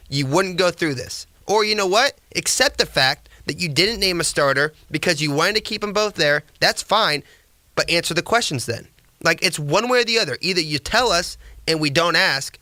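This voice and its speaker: Sarcastic male podcast host, bright, tense tone, dry close sound. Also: a little high, dry recording. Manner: sarcastic, mocking, rambling. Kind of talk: casual sports commentary.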